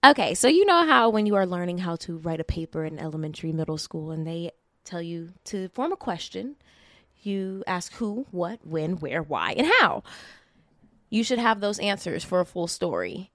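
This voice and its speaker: A woman's voice: lowish voice, very animated, normal speed, no echo, studio quality. A woman co-hosting a casual true-crime podcast, chatty and self-deprecating. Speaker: podcast co-host.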